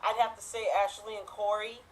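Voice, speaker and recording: A man's voice: sits high, flat delivery, brisk, voice pushed up, close to an everyday voice, rough recording. A man voicing a giggly woman giving her verdict in an improv comedy bit.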